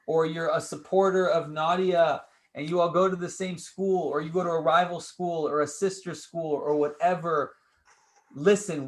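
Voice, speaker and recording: Man, competition host, energetic, repetitive hype, slightly high voice, video call. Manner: energetic hype, repeats phrases. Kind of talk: announcing results on a livestream.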